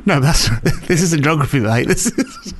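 A man's voice: a little high, expressive, unhurried. Teasing man chatting casually. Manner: teasing, pushy prankster. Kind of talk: casual chat.

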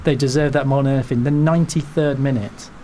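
A man hosting a casual football podcast, rambling with jokes and quick asides. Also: mid-range voice, steady tone, dark tone, a little hiss or hum. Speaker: podcast host.

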